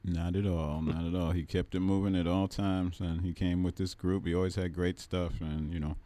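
A man speaking as a guest on a radio music show, relaxed, with frequent fillers. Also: low-pitched, moderate pace, dry recording. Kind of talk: casual radio conversation. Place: radio studio.

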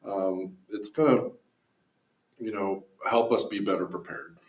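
A man hosting a casual podcast interview, talking in a measured, reflective way and affirming his guest often. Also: on the low side, noisy background. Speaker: podcast host. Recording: echoey room, distant mic.

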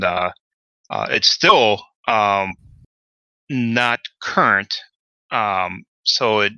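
Give me a bright, smooth-voiced man as game master, pausing often with ums and uhs. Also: lowish voice, no echo, dull audio. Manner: halting, many uh and um fillers. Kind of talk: narrating a tabletop game.

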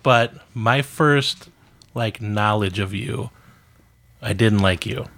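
A man co-hosting a podcast, telling a workplace anecdote in a loose, animated way. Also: fairly low pitch, slow, gravelly. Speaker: podcast co-host. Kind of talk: casual storytelling chat.

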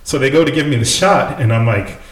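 Male podcast co-host, mid-pitched, loose and profane, recorded in an echoey room. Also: brisk. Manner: laid-back, swears freely, laughs often. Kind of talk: casual chat.

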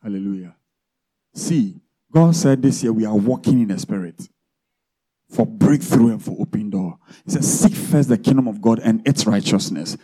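A man preaching to his church, his voice dark and mellow. He keeps asking the congregation questions as he goes. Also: lowish voice, lively intonation, normal speed, slightly rough. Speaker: pastor. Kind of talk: sermon.

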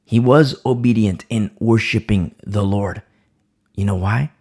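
A man preaches a midweek Bible study with a gravelly, husky voice. His pitch swings widely as he presses each point, often repeating a phrase for stress. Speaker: Bible teacher.

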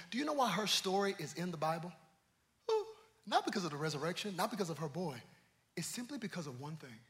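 A male pastor preaches in a high, bright voice. His pitch leaps around animatedly as he drops to quiet asides and then rises into shouted calls to the congregation. It is a lively, call-and-response sermon delivery.

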